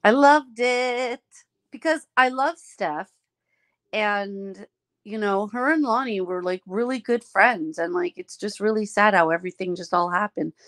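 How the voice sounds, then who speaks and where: A woman's voice: medium pitch, a bit bright. Gushing woman greeting her live viewers. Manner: drawn-out, easygoing talk. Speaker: live-stream host. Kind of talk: casual live-stream chat.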